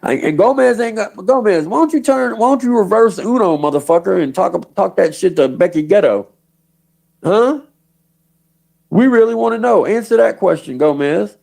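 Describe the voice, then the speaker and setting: A man runs a profane livestream rant, taunting absent people by name and laughing between jabs. His voice sits a touch high and carries a rough, gravelly fry. He is casual and scornful, heavy on cursing. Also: lively intonation, normal speed, darkish tone, low-quality recording. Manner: mocking, cursing, laughs often between lines. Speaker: livestream host.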